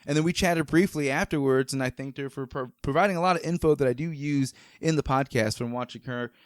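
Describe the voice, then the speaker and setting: A man's voice: medium pitch, a little fast, no room sound, clean studio sound. A man hosting a podcast, chatting casually and rambling with enthusiasm, with many fillers and restarts. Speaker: podcast host. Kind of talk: casual chat.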